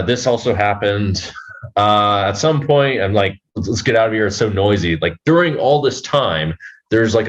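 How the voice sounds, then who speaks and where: A man telling a personal story as a podcast guest, halting and rambling, swearing freely. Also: low-pitched, dull audio. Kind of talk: casual storytelling.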